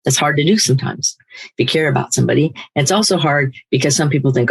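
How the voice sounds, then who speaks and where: An older woman hosting a recovery podcast, speaking in a firm, emphatic, animated motivational way. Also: very deep voice, fast talker, breathy edge, low-quality recording. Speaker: podcast host, recovery coach. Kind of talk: motivational talk.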